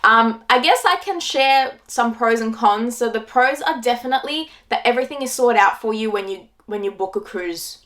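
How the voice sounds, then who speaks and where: A woman's voice: fairly high pitch, moderate pace, few pauses, fairly bright tone. A woman in her twenties with an Australian accent, casually retelling her trip to camera in a chatty way, full of "like"s. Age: 20s. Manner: chatty, filler-heavy retelling with many "like"s. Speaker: travel vlogger.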